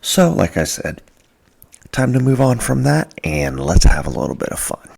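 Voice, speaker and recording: A man's voice: mid-range voice, very animated, moderate pace, creaky, a little mellow, husky. A man hosting a podcast, telling a casual story in a jokey way and acting out the people he quotes. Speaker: podcast host.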